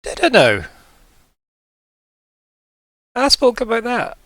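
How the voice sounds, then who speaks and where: A man's voice: extremely high pitch, huge pitch swings, moderate pace, bright, forceful tone, dry recording, voice pushed up, full character voice. A man voicing a lazy, forgetful male creature who has just been woken, speaking in a raised, indignant, drowsy voice. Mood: surprised. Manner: sleepy, forgetful, theatrically indignant.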